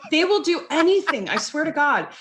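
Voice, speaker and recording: A woman hosting a casual political chat, animated and emphatic. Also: sits high, a little fast, slight background noise. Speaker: host.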